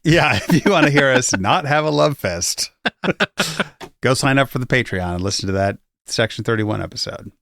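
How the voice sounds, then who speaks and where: A man's voice: mid-range voice, expressive, moderate pace, vocal fry, a bit bright, a little hiss or hum. A man co-hosting a casual podcast, laughing easily and steering the chat toward the next caller. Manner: laughs easily, plays the moderator. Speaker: podcast co-host.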